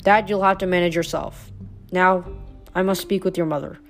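A brooding, melancholy male god of the dead with a lowered, heavy voice, as a woman reader puts him on. He speaks slowly and sorrowfully, with a sigh in his tone. Faint music plays behind the storybook reading. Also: fairly even intonation, lightly acted. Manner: slow, sorrowful, sighing.

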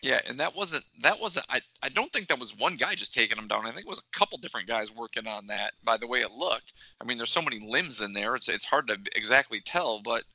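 A man's voice: medium pitch, lively intonation, fast, few pauses, pushed and bright, no room sound, muffled recording. A man in casual sports talk who rambles and searches for his words as he describes replays.

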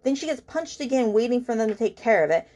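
A woman's voice: fairly high pitch, big pitch swings, quick pace, a little mellow. A woman hosting a book podcast, ranting casually in an exasperated, rambling way with lots of fillers.

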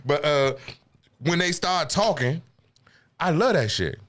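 A man's voice: a little high, animated, takes it slowly, fairly bright tone. A middle-aged man from the D.C. area with a DMV accent, hosting a podcast in rambling, profane casual chat and laughing often. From Washington, D.C. area. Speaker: podcast host.

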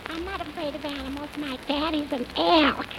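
A very high, piping voice for a bratty little girl, firing off sassy wisecracks in 1940s radio comedy style. The old broadcast recording is hissy and faint with noise. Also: steady tone. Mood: cheeky. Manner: sassy, quick comebacks.

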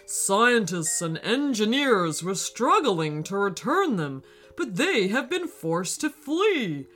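A woman's voice: medium pitch, big pitch swings, slow, a bit bright, faint music behind, full character voice. A woman voicing a formal, urgent radio news announcer in a storybook reading.

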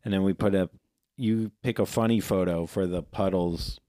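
A man co-hosting a podcast, telling a rambling story in casual chat and acting out quoted voices in a higher pitch. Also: fairly even intonation, moderate pace, mellow, dry recording, clean studio sound. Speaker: podcast co-host.

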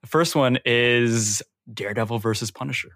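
A man hosting a casual interview, relaxed, with many short agreeing replies. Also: mid-range voice, normal speed. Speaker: podcast host.

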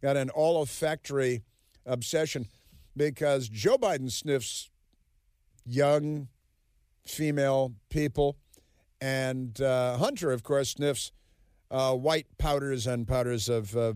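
A male talk radio host holds forth in a sarcastic, mocking monologue, rambling and stopping on fillers. His mid-pitched voice is dry and close on a studio mic. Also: slow, a little mellow, clear, resonant tone, dry recording. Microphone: studio microphone.

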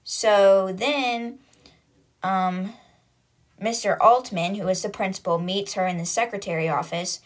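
A woman's voice: medium pitch, steady tone, measured pace. A woman hosting a book podcast, casually retelling the chapters in a chatty, loose way full of "like" and paraphrase.

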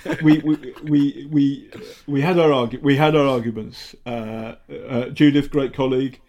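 A British investigative journalist telling stories in a casual interview, halting often and acting out the people he quotes. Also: mid-range voice, fairly even intonation, a little mellow, highs cut off. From Britain. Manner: halting, many fillers and restarts, acts out quotes.

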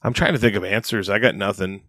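Brief: young male co-host, lowish voice, dry close mic, goofy and easygoing. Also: quick pace, sharp tone, no echo. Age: young adult. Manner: goofy, musing, laughs easily. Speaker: podcast co-host. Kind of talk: casual chat.

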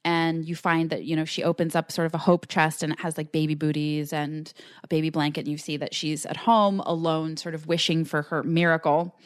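Lower-pitched woman recapping a show. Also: little pitch movement, a little fast, clear, resonant tone, dry recording, clean studio sound. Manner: recounts scenes with acted-out quotes, many fillers. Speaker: podcast co-host. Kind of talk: casual recap chat.

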